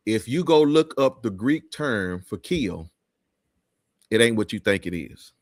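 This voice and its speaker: A man's voice: on the low side, animated, measured pace, dry recording, clean studio sound. A man hosting a live talk show, speaking in an emphatic, preachy way with many restarts.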